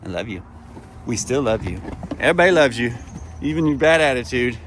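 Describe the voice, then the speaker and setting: Man farm vlogger, lively, affectionate banter outdoors. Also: mid-range voice, brisk, slight background noise. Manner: affectionate, teasing talk to animals. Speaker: host. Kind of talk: casual farm vlog.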